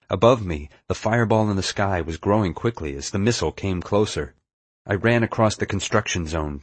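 A man reading a first-person adventure story aloud in a steady, measured way. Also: low-pitched, husky, no room sound. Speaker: audiobook narrator. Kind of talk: scripted first-person narration.

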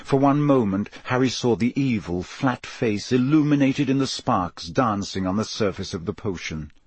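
A man narrates a story in a steady, measured way that builds drama. His voice is husky and sits in a middle register. The recording is dry and close, with no room sound. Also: medium pitch, no echo. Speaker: audiobook narrator. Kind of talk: scripted narration.

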